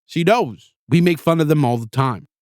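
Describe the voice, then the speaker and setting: A man's voice: a little high, normal speed, darkish tone, dry recording, studio quality. A man hosting a podcast, ranting through a blunt, heavily profane monologue. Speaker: podcast host.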